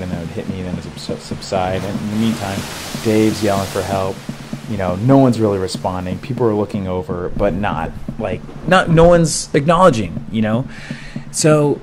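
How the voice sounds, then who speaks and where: A young man in his twenties telling a personal story, animated and slangy, full of "like" and "dude". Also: lowish voice, noisy background. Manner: animated, slangy, lots of filler "like". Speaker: vlogger. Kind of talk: casual storytelling.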